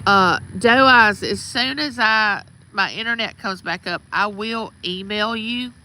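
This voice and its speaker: Middle-aged Southern woman, unhurried, bright and forceful tone, greeting viewers outdoors. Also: mid-range voice, a little hiss or hum, low-quality recording. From Mississippi. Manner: chatty, greets viewers by name, drawling. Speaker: livestream host. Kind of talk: casual livestream chat. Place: outdoors at home.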